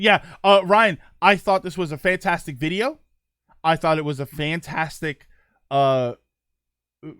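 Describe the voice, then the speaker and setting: A young man chats casually about games as a show host, his voice fairly high and bouncing up and down a lot. He rambles, restarts sentences and fills gaps with ums. The sound is dry and close, with no room around it. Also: fairly bright tone, no room sound. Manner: rambling, many fillers and restarts. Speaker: podcast host. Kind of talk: casual gaming chat.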